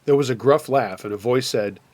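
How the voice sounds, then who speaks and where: A man retelling a true scary camping story in a steady, plainspoken way. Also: medium pitch, fairly quick, no room sound. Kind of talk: narrated first-person scary story.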